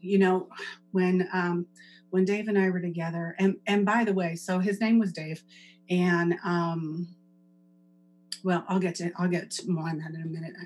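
A woman's voice: on the low side, level tone, moderate pace, darkish tone, poor audio. A middle-aged woman giving a personal recovery share, conversational and rambling, with lots of fillers and restarts. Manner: rambling, wanders off on tangents. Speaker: recovery meeting speaker.

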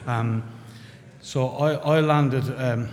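A middle-aged man with an Irish accent tells his own story to a room of listeners. His talk is frank, salted with curses and dry jokes at his own expense. His voice sits at an ordinary middle pitch and rings out with a long hall reverb. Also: steady tone, drawn-out words, darkish tone. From rural Ireland. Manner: blunt, candid, swearing, wry self-mocking humor. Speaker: member sharing at a recovery meeting. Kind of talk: personal testimony to a group. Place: meeting room.

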